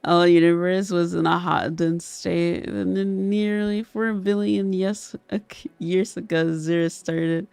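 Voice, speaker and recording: Stuffy-nosed woman chatting slowly. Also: fairly low pitch, fairly even intonation, gravelly, darkish tone, no room sound. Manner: laughs often, swears casually. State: stuffy nose, sniffling. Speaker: streamer. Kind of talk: casual livestream chat.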